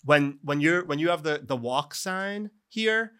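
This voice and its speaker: A middle-aged man, chatting on a podcast. His voice is bright and forceful, and he tells stories in an animated, exasperated way. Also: on the high side, a little slow, clean tone. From New York. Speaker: podcast host. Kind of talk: casual chat.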